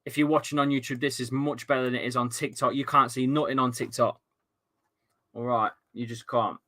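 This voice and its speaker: A young man live-streaming a football watchalong, commentating as a fan, moving between grumbling asides and excited shouting. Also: medium pitch, fairly quick.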